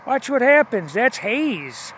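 A man's voice: very high voice, sing-song, slow pace, a bit bright, slight background noise. A man filming outdoors at night on his phone camera, talking to viewers in an insistent way, repeating himself and stumbling over restarts. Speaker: video blogger. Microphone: phone camera held while filming.

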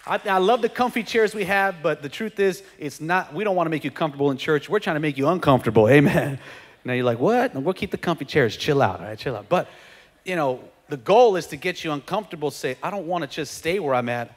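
A man preaching a sermon as pastor, energetic and conversational, with joking asides and frequent checks like "okay?". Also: a little high, quick pace. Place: church sanctuary. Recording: long hall reverb.

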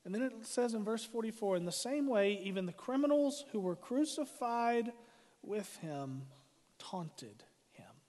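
High-voiced preaching man, long hall echo. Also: animated, normal speed. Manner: dramatic preaching, swings from loud to hushed. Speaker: pastor. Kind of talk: sermon. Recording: hall reverb.

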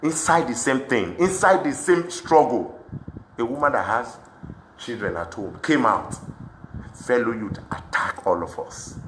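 A man's voice: medium pitch, expressive, measured pace. A young Nigerian man speaking Pidgin English, impassioned and emotional as he talks straight to the camera in a protest vlog. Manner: impassioned, swings to shouting. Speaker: street commentator. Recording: echoey room with faint background noise.

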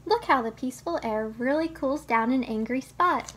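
Brief: a woman reading a children's book aloud, gentle and instructive, with a bright, high voice. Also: moderate pace, slight background noise. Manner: gentle, teaching tone, speaks to the child listener. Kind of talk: storybook read-aloud.

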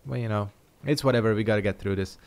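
A man's voice: lowish voice, fast talker, darkish tone. A man giving casual gameplay commentary as a gaming YouTuber, sarcastic and swearing through frustrated outbursts.

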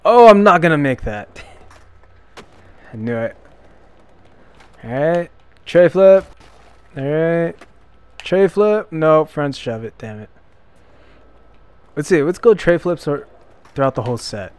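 Young man, gamer commentary, self-deprecating, sudden loud outbursts, relaxed pace. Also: fairly high pitch, slow pace, pauses often, clean tone, dry recording. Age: young adult. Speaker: gameplay commentator. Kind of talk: casual let's-play commentary.

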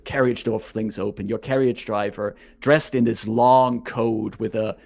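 A man as game master, narrating a tabletop game with vivid, unhurried scene-setting description. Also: on the low side, steady tone, creaky, a little mellow.

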